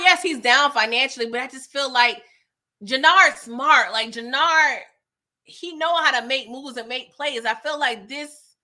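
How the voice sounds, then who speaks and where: A young woman hosting a casual TV recap, talking straight to her viewers in a frustrated, animated way and reading out chat comments. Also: sits high. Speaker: TV recap host.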